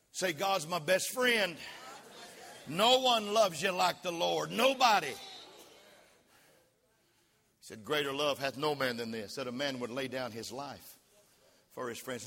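Shouting preacher in a ringing church hall. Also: male voice, a little high, expressive, slow, long pauses, husky. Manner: call-and-response preaching, rising to shouts. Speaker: pastor. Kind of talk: sermon. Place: church sanctuary. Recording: long reverb of a church hall.

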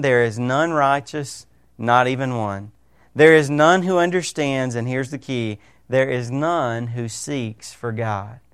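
Emphatic male pastor, smooth voice. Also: a little high, fairly bright tone, dry recording, studio quality. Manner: emphatic, asks rhetorical questions of listeners. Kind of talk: sermon.

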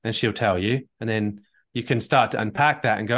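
This relationship coach has a fairly low, slightly bright voice and talks at a normal speed, captured in a call recording. Coaching a live caller, he stays earnest, repeats words as he works through his advice, and performs example conversations.

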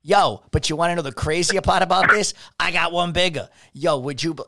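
A podcast host with a fairly high, creaky voice talks briskly, spinning conspiracy theories. His casual talk is profane and animated, very much a rant.

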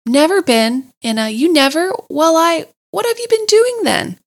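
A woman's voice: on the high side, lively intonation. A woman voicing a cheerful, enthusiastic male water rat in a storybook reading, with a hearty, exclaiming manner. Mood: astonished. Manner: hearty, exclaiming, rapid lists. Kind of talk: storybook character voice.

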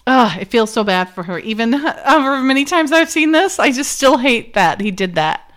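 A woman's voice: a little high, animated, moderate pace. A woman in a casual podcast chat, animatedly retelling TV scenes and acting out the characters' lines. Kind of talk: casual chat about a TV episode.

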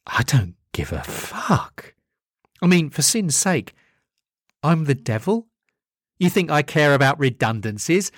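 A man's voice: on the high side, expressive, measured pace, pauses often, no echo, clean studio sound, voice pushed up. A man reading the part of a weary, foul-mouthed male devil who sounds spiteful and world-weary. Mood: spiteful rant.

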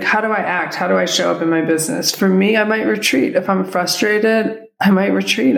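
A woman's voice: on the low side, gravelly. A woman hosting a solo podcast, explaining ideas to listeners and asking rhetorical questions. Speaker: podcast host coaching photographers. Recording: echoey room.

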